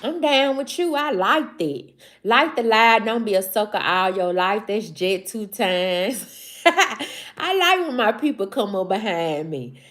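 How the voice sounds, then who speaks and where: A woman with a Southern accent from Mississippi, hosting a casual livestream and talking straight to her chat in a loose, slangy way that repeats itself. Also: a little high. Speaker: livestream host. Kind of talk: casual live-stream chat.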